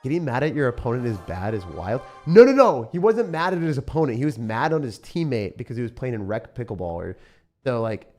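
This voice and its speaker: A man chatting excitedly while live-streaming a mobile game, often laughing and talking to his viewers. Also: mid-range voice, fast, faint music behind. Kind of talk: live-stream gameplay chat.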